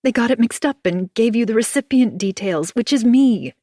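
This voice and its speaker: A woman reader voicing a frantic young woman who pleads her innocence in a raised, high voice. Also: expressive, moderate pace, warm tone, no echo, studio quality. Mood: frantic pleading.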